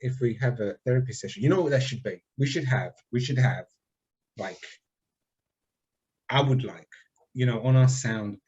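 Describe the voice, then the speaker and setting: A man's voice: mid-range voice, moderate pace, pauses often, darkish tone, dull audio. A man co-hosting a podcast in casual chat, rambling with frequent restarts. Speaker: podcast co-host.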